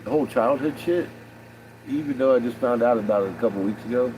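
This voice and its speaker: A man's voice: mid-range voice, fast, a little hiss or hum, rough recording. A man in his fifties talking candidly on a livestream, rambling and profane, often laughing and restarting his sentences. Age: 50s. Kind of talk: candid personal livestream talk.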